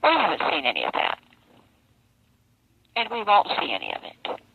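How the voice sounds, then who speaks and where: A woman speaking slowly and wearily, close to tears, her mouth sore from missing teeth, talking in a live video from prison. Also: low voice, wildly swooping pitch, creaky, slightly rough. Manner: slow, weary, close to tears. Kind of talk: emotional live video testimony. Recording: dull lo-fi phone video with faint noise.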